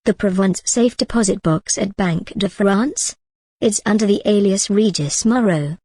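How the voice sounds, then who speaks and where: A woman voicing a discreet French male investigator in his late fifties, speaking in a measured, matter-of-fact way. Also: mid-range voice, darkish tone, husky, dry recording, lightly acted.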